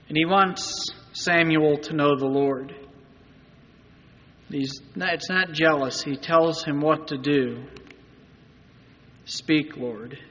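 A man's voice: high voice, fairly bright tone, big-room sound, lo-fi sound. A man preaching a sermon as pastor, in a conversational manner that often asks the congregation rhetorical questions.

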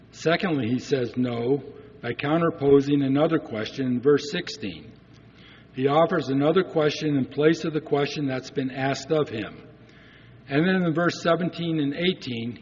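An earnest pastor preaches to his congregation, putting rhetorical questions to them in a mid-range, darkish voice. The recording is dull with long church reverb and slight background noise.

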